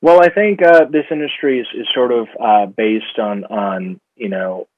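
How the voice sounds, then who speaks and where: A man from Rica, an actor chatting as an interview guest, speaking haltingly with many fillers and restarts. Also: mid-range voice, no room sound. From Costa Rica. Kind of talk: casual interview chat. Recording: dull, dry lo-fi sound.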